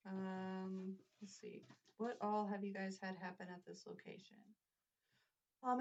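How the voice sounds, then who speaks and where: A woman from the house's family casually telling stories in a chatty, rambling way, indoors in an old house. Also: medium pitch. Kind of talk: casual storytelling chat. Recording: slightly muffled lo-fi.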